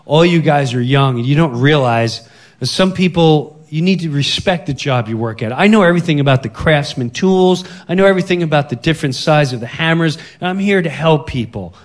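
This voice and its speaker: A man's voice: a little high, lively intonation, a little fast, close to an everyday voice. A man voicing a stern, self-important hardware store clerk who lectures a coworker. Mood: scolding. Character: stern, preachy middle-aged male hardware clerk.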